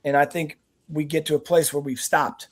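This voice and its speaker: In a level, mid-range voice at an ordinary pace, a guest from a nonprofit team answers interview questions on a veterans' talk show. The stories come out earnest and rambling, with frequent restarts.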